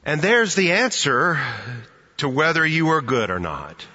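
A man preaching a sermon, telling stories and slowing to a soft, quiet delivery to drive points home. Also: fairly high pitch, huge pitch swings. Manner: storytelling, slows and softens for emphasis. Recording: muffled sound in a long-reverb hall.

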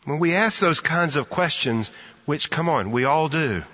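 A man preaching a sermon, unhurried, with a bright, forceful tone. He tells stories and drops to a soft hush for emphasis. His voice comes through slightly muffled, with a long echo from a church hall. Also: on the high side, animated. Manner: storytelling, slows and softens for emphasis.

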